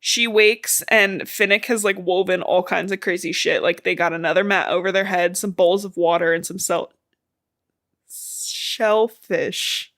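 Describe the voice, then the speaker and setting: A young woman co-hosts a podcast, chatting through a casual book recap in a loose, rambling way with a slight lisp, casual swearing, and acted-out quoted lines. Her voice is lowish and a bit bright, with fairly even intonation and an unhurried pace.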